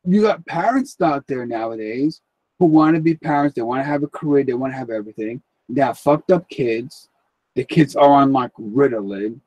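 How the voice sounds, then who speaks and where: A man's voice: fairly high pitch, warm tone, no echo. A man hosting a live stream in casual chat, blunt and rambling, swearing freely.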